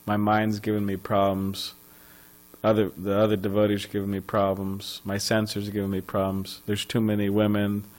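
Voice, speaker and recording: A man's voice: lowish voice, completely flat delivery, normal speed, low-quality recording. A man giving a scripture class at a temple, telling a story conversationally with many fillers and restarts. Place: temple hall.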